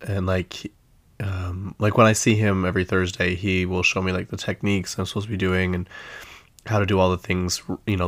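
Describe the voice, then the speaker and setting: A young man hosting a casual solo podcast, his voice rough from being sick, chatting in a rambling, self-mocking way. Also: deep voice, a bit bright, no room sound. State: sick, hoarse-sounding voice. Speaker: podcast host.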